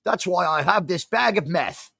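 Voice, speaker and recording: A man's voice: sits high, expressive, moderate pace, vocal fry, sharp tone, husky, no room sound, clean studio sound, exaggerated voice. A man doing an exaggerated put-on Kiwi-Australian accent, ranting indignantly as a comic figure. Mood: mock indignant.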